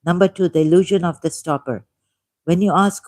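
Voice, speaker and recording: A man with a Pakistani accent hosting a livestream, reading a text aloud at a deliberate pace with musing asides and repeated key words. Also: high voice, darkish tone, dry recording. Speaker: livestream host.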